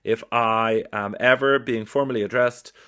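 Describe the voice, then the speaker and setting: An Irish man with a mid-pitched voice hosts a comedy podcast. He reads listener emails aloud in a dry, playful way and keeps breaking off to joke about them. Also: fairly even intonation, normal speed, pushed and bright, smooth. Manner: wry, playful, stops to riff on what he reads. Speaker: podcast host. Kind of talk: comic podcast monologue reading listener emails.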